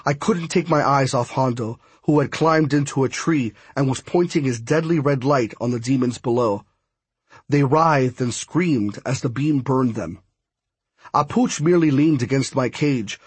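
A man's voice: mid-range voice, unhurried, husky, no echo. A man narrating a first-person adventure novel as an audiobook, in tense storytelling. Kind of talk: scripted narration.

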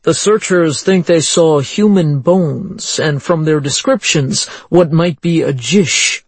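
A narrator reading the lines of a male police lieutenant, brisk and businesslike, giving orders to an officer. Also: mid-range voice, breathy edge, no echo.

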